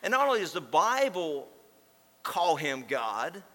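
Bright-voiced preacher in a reverberant hall. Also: male voice, a little high, sing-song, a little slow. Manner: folksy storytelling, emphatic repetition. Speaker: pastor. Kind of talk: sermon. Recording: long reverb in a large hall.

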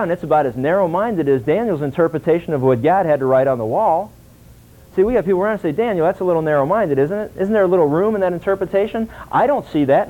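A man teaching a Bible class in an animated sermon style, acting out dialogue and asking his listeners questions. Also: a little high. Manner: animated, acts out dialogue, asks the audience questions. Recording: tinny phone-like lo-fi recording.

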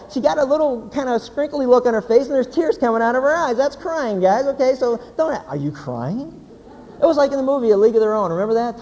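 A man, a pastor, giving a humorous sermon as an animated, joking storyteller. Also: extremely high pitch. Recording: hall reverb, faint background noise.

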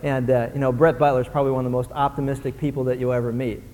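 Animated preacher man in a reverberant hall. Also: medium pitch, rapid-fire. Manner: animated, mimics grumbling voices. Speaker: pastor. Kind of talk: sermon.

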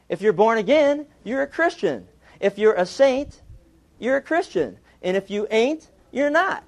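A man preaching a sermon, telling humorous stories in an animated way. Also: high-pitched.

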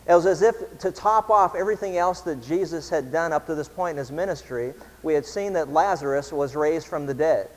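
A male pastor giving a sermon in a church, telling a story in a relaxed, conversational way before turning to scripture. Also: fairly high pitch. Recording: long hall reverb.

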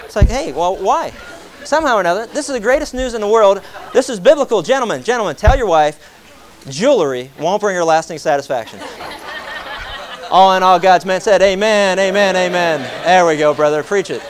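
Male preacher, high and quick, playful rhetorical delivery, light tape hiss. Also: some chatter behind. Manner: animated, joking, rhetorical questions to the congregation. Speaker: pastor. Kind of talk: sermon.

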